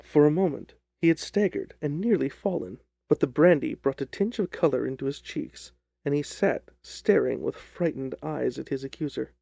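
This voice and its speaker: Brief: male storyteller, measured, gravelly and mellow, dry close mic. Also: fairly high pitch, no echo. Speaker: narrator. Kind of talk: scripted narration of a detective story.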